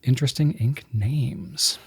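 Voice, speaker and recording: A man's voice: mid-range voice, measured pace, slightly rough. A man co-hosting a casual podcast chat, telling loose stories in an easygoing way and laughing often. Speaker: podcast co-host.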